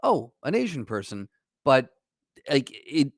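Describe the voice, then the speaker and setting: A man's voice: medium pitch, sing-song, unhurried, no room sound, studio quality. A man co-hosting a podcast in casual chat, thoughtful, searching for words with many restarts. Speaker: podcast co-host.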